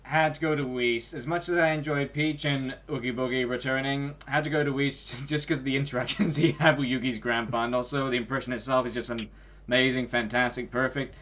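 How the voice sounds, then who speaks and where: An animated host chats casually over a call and laughs a lot. He drops crude asides as he goes. The voice is bright and forward. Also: mid-range voice, a little fast.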